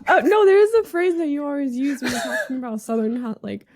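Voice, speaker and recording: A woman's voice: high-pitched, very animated, fast, darkish tone. A woman co-hosting a podcast in casual chat, thoughtful and sometimes searching for her words. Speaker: podcast co-host.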